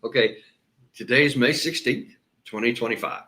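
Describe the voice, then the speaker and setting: A man's voice: mid-range voice, moderate pace, bright, forceful tone. Emphatic man commenting. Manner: emphatic, repeats words when stressing a point; breaks off sentences and restarts, says "uh". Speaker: host and commentator. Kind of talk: solo political commentary with played clips.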